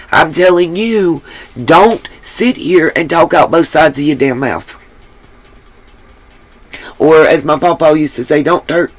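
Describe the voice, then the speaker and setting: A woman hosting her own livestream, talking bluntly and emphatically and swearing freely. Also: sits low. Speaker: livestream host. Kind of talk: livestream commentary.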